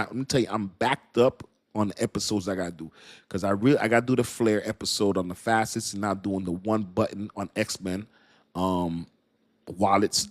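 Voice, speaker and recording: A man hosting a crypto livestream in easy, slangy talk, laughing often and circling back over his own phrases. His voice sits low. The sound is close and dry, with no room around it. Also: no room sound. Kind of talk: casual livestream chat.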